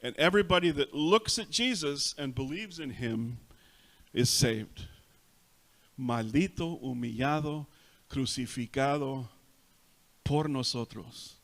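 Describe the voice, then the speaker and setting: A male pastor with a Texas Spanish accent, preaching a sermon and repeating each point in Spanish and then in English, swelling loud on emphasis. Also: mid-range voice, a little slow, long pauses. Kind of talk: bilingual sermon. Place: church sanctuary.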